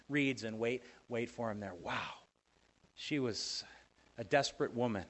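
Guy preaching a sermon, chatty, asks the crowd stuff, gets loud then soft, mid pitch. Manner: expressive, swings between loud emphasis and soft asides; conversational, asks the listeners questions. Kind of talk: sermon, Bible teaching.

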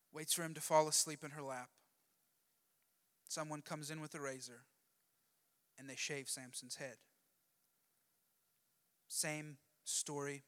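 Man, preacher, high and bright, chatty and jokey storyteller, long hall reverb. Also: clean tone. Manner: lively, conversational, jokey. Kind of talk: sermon storytelling.

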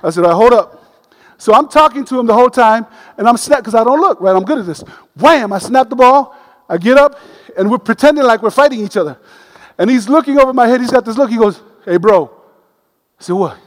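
A man delivers a sermon with a high, bright-sounding voice and a storyteller's lively humor. His words ring out with the long reverb of a large hall. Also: fast talker. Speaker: preacher.

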